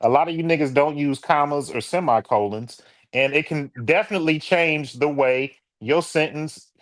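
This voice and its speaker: A man's voice: fairly high pitch, normal speed, no echo. A Detroit man co-hosting a podcast in casual chat, telling stories and slipping into playful voices. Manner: storytelling, animated, swings into playful voices. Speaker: podcast co-host.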